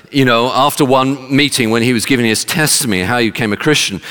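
A man's voice: mid-range voice, sharp tone, in a large hall. A man preaching a sermon, emphatic and fond of rhetorical questions, speaking to a congregation.

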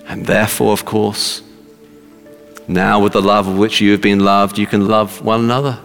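A man's voice: lowish voice, flat delivery, normal speed, vocal fry, a bit bright, in a large hall, faint music behind. A man preaching a sermon emphatically, repeating words for stress.

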